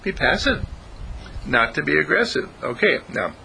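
A man giving an informal spiritual talk, animated and acting out voices as he goes. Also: fairly high pitch, moderate pace, creaky, a little hiss or hum, rough recording. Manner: animated, acts out voices, chuckles often.

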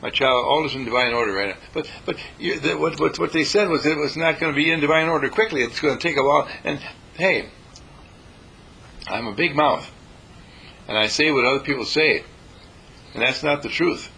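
A man's voice: on the high side, brisk, creaky, sharp tone, rough recording. A man teaching meditation in a folksy, repetitive way, slipping into panicked voices to make his points, over faint noise. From California. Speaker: dean and spiritual teacher. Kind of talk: spoken meditation lesson.

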